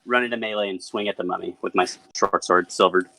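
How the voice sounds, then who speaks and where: A man's voice: sits low, fairly even intonation, quick pace, vocal fry, a crowd in the background, low-quality recording. A man playing a tabletop game, hesitant and thinking aloud about his moves. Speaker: player.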